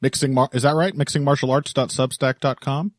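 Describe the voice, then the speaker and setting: A man's voice: medium pitch, steady tone, a little fast, dry recording, studio quality. A man hosting a podcast in casual chat, joking and laughing often. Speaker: podcast host.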